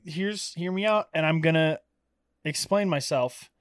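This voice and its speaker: High-voiced man ranting in casual chat. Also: measured pace, no echo, clean studio sound. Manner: laughs often, gets worked up ranting. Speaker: podcast co-host.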